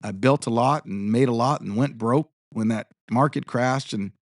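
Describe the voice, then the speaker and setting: A man's voice: mid-range voice, moderate pace, dry recording. Man telling stories in a dry studio. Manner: rambling anecdotes acting out quoted dialogue. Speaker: interview guest, tribal chairman and contractor. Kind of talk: casual storytelling interview.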